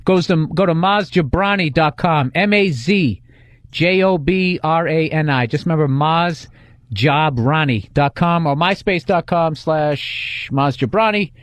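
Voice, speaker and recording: A man's voice: on the high side, measured pace, no echo. A man co-hosting a radio show in casual comedic chat, ranting bluntly and swearing freely into a studio microphone.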